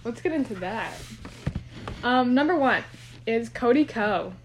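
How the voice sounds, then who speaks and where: A woman's voice: fairly high pitch, expressive, a little slow, slight background noise. A young woman co-hosting a casual podcast, chatty and rambling, recorded without a proper microphone. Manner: chatty, rambling, laughs often. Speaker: podcast co-host. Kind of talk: casual chat. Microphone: no microphone, phone or computer.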